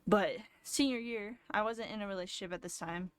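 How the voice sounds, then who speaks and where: A woman's voice: medium pitch, a little fast, a little hiss or hum. A woman in her twenties, a streamer, telling a long casual story with lots of fillers and self-corrections. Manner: rambling, lots of fillers and restarts.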